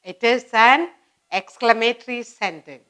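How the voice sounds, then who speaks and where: A woman's voice: fairly high pitch, animated, measured pace, a bit bright. A woman teaching a children's grammar lesson, repeating each example sentence and explaining it step by step. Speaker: English teacher.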